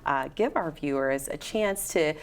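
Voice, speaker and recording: A woman from Kentucky hosting a TV studio interview show, upbeat and chatty and quick to laugh. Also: sits low, lively intonation. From Louisville, Kentucky. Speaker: TV show host.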